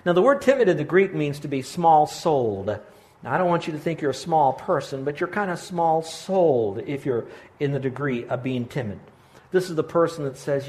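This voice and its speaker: Earnest, pastoral man with a raised pitch. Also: expressive, normal speed. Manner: earnest, pastoral, gently encouraging. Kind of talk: sermon.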